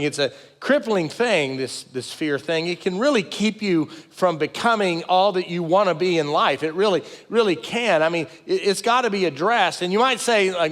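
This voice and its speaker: Animated middle-aged pastor preaching. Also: male voice, sits high, long reverb tail. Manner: animated, folksy and self-deprecating, acting out quoted lines. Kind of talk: sermon. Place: church sanctuary with multiple campuses.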